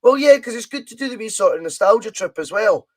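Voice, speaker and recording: A Scottish man hosts a relaxed live stream, his voice pitched slightly above the usual male range. He banters easily and reads out viewer comments as he plays a football management game. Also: fast. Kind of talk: casual live-stream chat.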